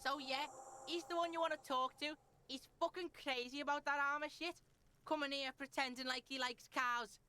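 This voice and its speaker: A swaggering little brat of a boy from a game, all curses and third-person bragging. The voice sits high and cuts sharply through. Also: steady tone, normal speed, sharp tone, slight background noise, heavily acted. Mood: brash. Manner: talks about himself in third person, swears constantly. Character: foul-mouthed scrappy young boy, boastful. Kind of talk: reading video game dialogue aloud.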